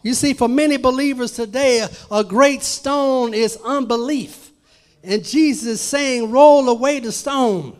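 A man preaching a sermon at a church service, swinging from hushed to loud, emphatic calls. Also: very high-pitched, a little slow.

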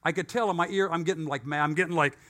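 High, bright-voiced animated preacher man. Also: racing, slight background noise. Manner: animated storyteller, acts out both sides of dialogue; folksy, joking asides. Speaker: pastor. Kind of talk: sermon with personal story.

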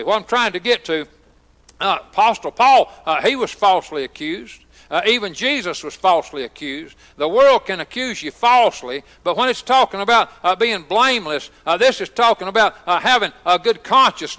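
A man's voice: sits high, pushed and bright. An older man preaching at an ordination service, folksy and full of "uh" fillers as he tells stories. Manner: folksy, many "uh" fillers and storytelling asides. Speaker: pastor. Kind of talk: ordination sermon. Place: church sanctuary. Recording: long reverb of a church hall.

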